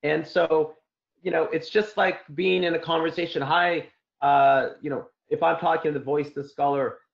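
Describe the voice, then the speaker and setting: A man's voice: a little high, fairly even intonation, moderate pace, vocal fry. A man telling a long personal account as an interview guest, rambling with many fillers and restarts. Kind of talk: casual spoken account. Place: Santa Clara area. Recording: dull lo-fi audio.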